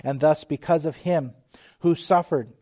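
A middle-aged man preaching a sermon, slow and emphatic, dropping suddenly to quiet, hushed lines. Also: a little high. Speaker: pastor.

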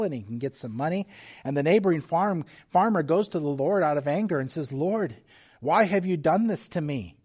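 A man preaching a sermon as pastor, earnest and measured, with restarts and small asides. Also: medium pitch, darkish tone.

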